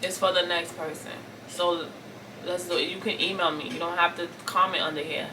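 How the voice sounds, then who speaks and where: A woman from Brooklyn in her thirties, venting on camera about family pain, raw and tearful, repeating herself as she swings from forceful to soft. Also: lowish voice, little pitch movement, a little fast, distant mic, background noise. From Brooklyn, New York. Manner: raw and tearful, repeating phrases, rising intensity then soft pleading. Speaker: vlogger. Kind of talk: emotional storytime vent to camera.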